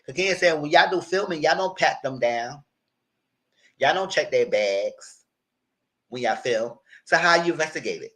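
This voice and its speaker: A man's voice: a little high, normal speed, low-quality recording. Outspoken man ranting a TV recap. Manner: animated, outspoken, heavy slang. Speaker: reality TV commentator. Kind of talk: live recap chat.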